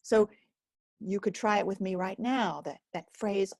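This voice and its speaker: A woman teaching a guided self-help lesson, speaking gently and slowly with many pauses. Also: mid-range voice, vocal fry, no echo, studio quality. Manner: gentle, slow and pausing, speaks as if to a listener. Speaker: focusing teacher.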